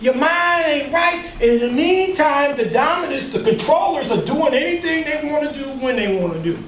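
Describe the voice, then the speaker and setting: A man's voice: very high-pitched, animated, moderate pace, a bit bright, a little hiss or hum. A man leading a workshop, lecturing a live audience in an emphatic, preacher-like way with call-and-response and mocking asides. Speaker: workshop leader and speaker. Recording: echoey room, mic far off.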